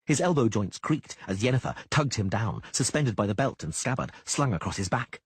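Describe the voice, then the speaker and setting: A man narrating an audiobook in a dramatic, lively reading style. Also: on the low side, fairly quick, slightly rough, no echo. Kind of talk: scripted narration.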